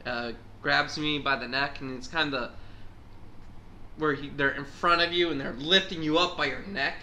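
A man co-hosting a casual podcast chat, an animated storyteller who acts out voices. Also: on the high side, normal speed. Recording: echoey room, faint hum.

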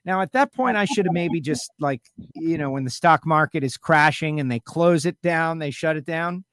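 A man's voice: fairly high pitch, normal speed, fairly bright tone, no echo, studio quality. A man hosting a radio talk show, chatting casually and teasing his co-host with rambling asides.

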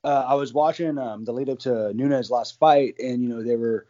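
A man co-hosting a casual sports podcast, rambling through his thoughts with lots of restarts and quick laughs. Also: medium pitch, warm tone, dull audio. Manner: rambling, many fillers and restarts, laughs often.

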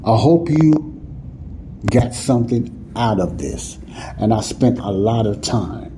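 A man's voice: lowish voice, lively intonation, slow pace, background noise. A man teaching the Bible in an emphatic, conversational preaching style, often checking that listeners follow. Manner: repeats "you see what I'm saying?" to listeners.

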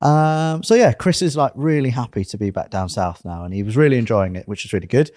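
A man's voice: mid-range voice, lively intonation, a little fast, darkish tone, dry recording. A man from England co-hosting a casual podcast chat, telling rambling stories and correcting himself as he goes. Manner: rambling, self-correcting storyteller. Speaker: podcast co-host.

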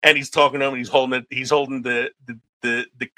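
A man's voice: medium pitch, little pitch movement, fast, sharp tone, dry recording, poor audio. A man in casual movie chat as a podcast co-host, laughing often and trailing off into fillers.

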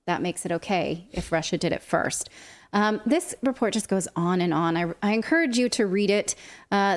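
A woman co-hosting a political commentary show, reading from a report with a sarcastic edge. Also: on the low side. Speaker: co-host.

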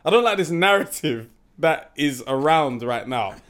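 Loud animated young man. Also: a little high, moderate pace. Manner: loud, animated, slangy, breaks into shouting and laughter. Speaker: podcast co-host. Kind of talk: casual banter podcast.

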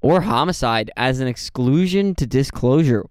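Man, podcast co-host, teasing banter, smooth clear voice, dry sound. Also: mid-range voice, animated, darkish tone, no echo. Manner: teasing, joking, quick banter. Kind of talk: casual chat.

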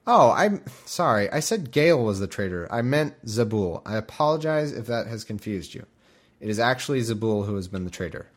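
A man's voice: on the low side, sing-song, normal speed. A man hosting a podcast, reading scripture with jokey asides, rambling and wired on caffeine. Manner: rambling, self-interrupting, jokey. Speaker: podcast host.

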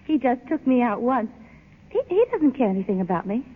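An actress playing a shy, gentle young woman who speaks softly and stammers, 1940s radio acting on a tinny old broadcast. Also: fairly high pitch, sing-song, a little fast, a little hiss or hum. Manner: soft, hesitant, stammering.

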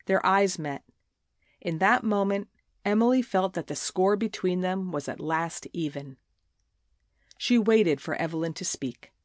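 Audiobook narrator: woman, lowish voice, measured scripted reading, dry close sound. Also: no echo.

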